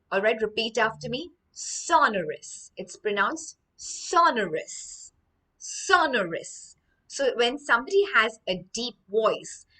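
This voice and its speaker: Bright-voiced woman teaching vocabulary. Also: fairly high pitch, recorded from a distance, poor audio. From India. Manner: explanatory, repeats words for students. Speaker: English teacher. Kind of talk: online vocabulary lesson with storytelling.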